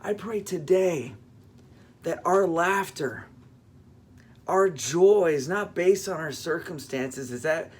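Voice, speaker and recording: A man with a slightly higher-than-usual voice gives a relaxed devotional talk as a pastor. He tells a funny everyday story in a chatty way, with fillers and quick self-corrections. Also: husky.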